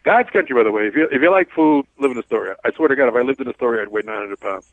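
A man's voice: medium pitch, animated, rapid-fire. A man, a cab driver hosting a talk radio show, blunt and rambling as he tells stories. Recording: tinny phone-like dry sound.

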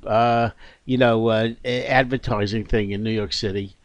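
Halting, earnest radio host. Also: male voice, fairly low pitch, fairly even intonation, no echo. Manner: halting, frequent restarts, earnest. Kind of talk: casual radio chat.

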